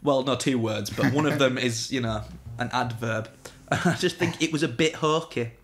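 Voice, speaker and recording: A man co-hosting a film review show, chatting in a casual, opinionated way and joking often. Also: mid-range voice. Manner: chatty, opinionated, quick to joke.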